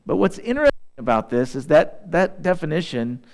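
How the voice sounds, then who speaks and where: Slowly and deliberately, a male pastor reads scripture during his sermon, then shifts to casual, conversational remarks aimed at his listeners. His voice is somewhat high, and he hails from Southeast Missouri.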